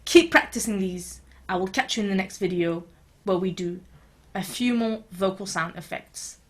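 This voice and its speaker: A woman's voice: medium pitch, moderate pace. Encouraging woman teaching beatboxing. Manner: encouraging, reassuring, casual with fillers. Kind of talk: online video tutorial.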